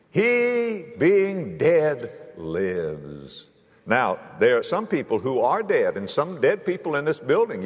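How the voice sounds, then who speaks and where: Preacher in a reverberant hall. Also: male voice, mid-range voice. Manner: storytelling preacher, acting out voices, swings between loud and hushed. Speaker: pastor. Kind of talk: sermon.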